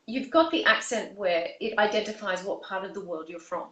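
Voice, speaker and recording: An Australian woman, a vocal coach, talking earnestly and building her points with examples. Her voice sits at a middling pitch. It sounds roomy, picked up from some way off the mic. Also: brisk, a bit bright, highs cut off. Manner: earnest, explains with spoken examples. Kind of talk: interview guest explaining. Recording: roomy echo, mic at a distance.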